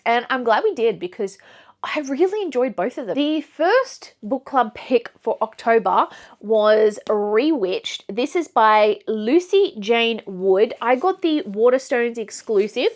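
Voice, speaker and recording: Young woman, book vlogger, chatty, rambling, lots of asides, fairly high voice. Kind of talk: casual book review chat.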